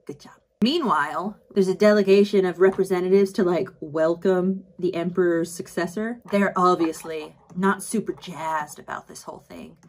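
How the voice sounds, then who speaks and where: A woman's voice: fairly low pitch, fairly even intonation, moderate pace, few pauses, darkish tone. A woman chatting casually through a book recap while doing her makeup, filling every line with "like" and acting out quotes. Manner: chatty, filler-heavy, acts out quotes. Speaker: book vlogger.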